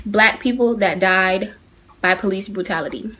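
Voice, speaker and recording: A woman's voice: medium pitch, a little fast, a bit bright, slight background noise. Teen girl vlogging on her phone, earnest and fired up, talking right to her viewers. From Atlanta, United States. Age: teenager. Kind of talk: casual opinion vlog. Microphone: phone camera.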